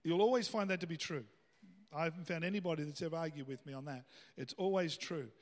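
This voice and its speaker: Pastor guy preaching, fairly high voice, chatty then punchy, big echoey hall. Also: fast talker. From Australia. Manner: conversational preaching, rising to emphatic bursts. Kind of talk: sermon.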